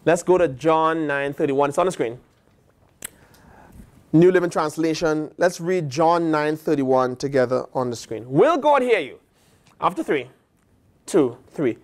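A man's voice: on the high side, a little slow, a little mellow. A man with an American accent, a pastor preaching a sermon and acting out the voices of God and the prophets.

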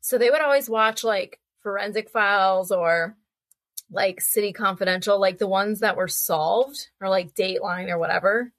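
A young woman guest on a podcast, telling animated, chatty anecdotes and acting out voices as she goes. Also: mid-range voice, normal speed, dry recording. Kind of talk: casual storytelling conversation.

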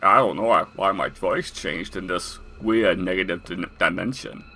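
A man giving jokey, crude, excitable commentary while playing a video game. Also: deep voice, normal speed, creaky, slight background noise. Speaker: let's play commentator. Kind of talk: casual gameplay commentary. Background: game music.

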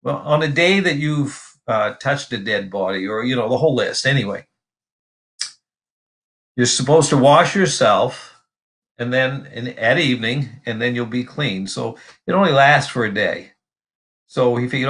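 A pastor teaching from the Bible in a relaxed, conversational way, reading verses aloud and pausing often with fillers and restarts. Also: male voice, mid-range voice. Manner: casual and halting, many fillers and restarts; reads scripture aloud.

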